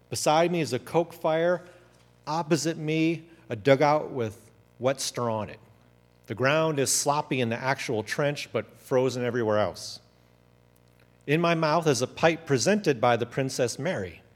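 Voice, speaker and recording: A man voicing a cheerful young male soldier reading his letter home in an excited, teasing way. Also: mid-range voice, normal speed, lightly acted. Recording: long hall reverb.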